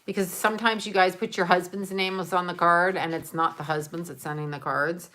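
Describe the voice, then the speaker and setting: Her voice sits on the low side, bright and forceful, with a steady tone and a slightly quick pace. A middle-aged vlogger, she talks casually to the camera while unwrapping viewers' gifts, thanking them and wandering off on tangents full of fillers.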